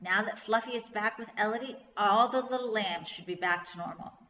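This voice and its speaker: A woman's voice: medium pitch, fairly quick, pushed and bright, lightly acted. A woman voicing an earnest, cheerful schoolgirl in a storybook reading. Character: eager schoolgirl best friend. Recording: echoey room, slightly dull sound.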